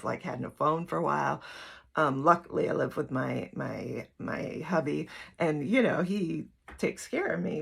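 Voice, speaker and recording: A woman's voice: sits low, gravelly, breathy edge. A middle-aged woman giving a candid, rambling personal talk to her channel's viewers, full of fillers and asides. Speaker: spiritual teacher and YouTuber. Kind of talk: casual personal talk to camera.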